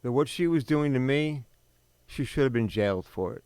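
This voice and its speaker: A middle-aged man hosting a podcast, telling a personal story in a blunt, bitter, emphatic way with sudden pauses. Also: medium pitch, expressive, darkish tone, clear, resonant tone, no room sound. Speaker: podcast host.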